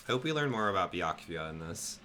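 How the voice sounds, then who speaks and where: Joking, lively young man streaming a game. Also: low-pitched, fairly quick, a little hiss or hum. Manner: joking, swearing, voices characters aloud. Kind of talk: live game playthrough commentary. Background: game music.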